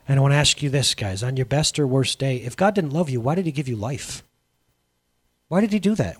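A male pastor preaching a sermon in an energetic, emphatic, conversational way. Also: mid-range voice, brisk.

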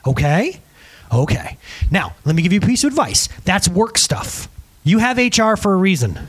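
A pastor and counselor preaches animatedly, calling the congregation "guys" and acting out the conversations he quotes. His voice sits high with a breathy edge, at a moderate pace.

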